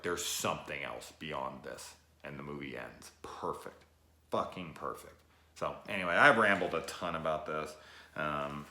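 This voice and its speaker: Deep-voiced man ranting a film review. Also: pushed and bright, reverberant. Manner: emotional, profane, retelling scenes with quoted lines. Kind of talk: rambling spoiler review.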